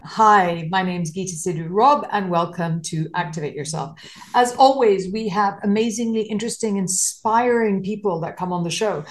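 A woman's voice: mid-range voice, moderate pace, faint music behind. A woman hosting an interview show, chatting in an effusive, casual way. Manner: effusive, calls guest "babe". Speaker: podcast host.

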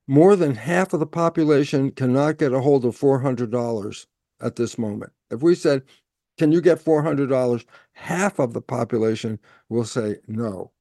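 A man's voice: a little high, dark tone, dry recording, clean studio sound. A man giving an explanatory talk, lecturing conversationally, asking and answering his own questions and playing out both sides of a dialogue. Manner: repeats words and restarts, asks and answers his own questions. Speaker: speaker explaining stress biology.

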